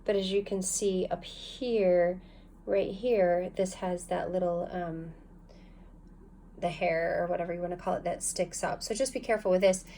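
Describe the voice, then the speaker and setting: A woman's voice: lowish voice, steady tone, normal speed, dark tone, a little hiss or hum. A woman teaching a recorded phonics lesson, guiding learners patiently step by step and sounding out syllables. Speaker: language teacher.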